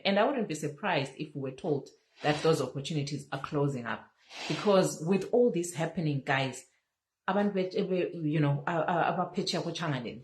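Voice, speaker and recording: A woman's voice: sits low, a little mellow, poor audio. A woman hosting a casual Facebook live chat on her phone, earnest and repeating her phrases, slipping in Zulu words. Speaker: livestream host.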